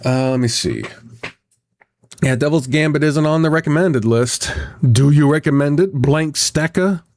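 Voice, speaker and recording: A man's voice: on the high side, unhurried, darkish tone. A man chatting casually on a live stream, rambling, swearing often and reacting to chat as a visual novel voice actor.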